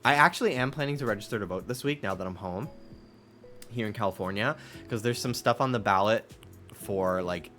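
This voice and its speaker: A man streaming a game who chats casually and rants with plenty of swearing. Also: fairly low pitch. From United States. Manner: ranting, profane, animated. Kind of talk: casual chat while gaming.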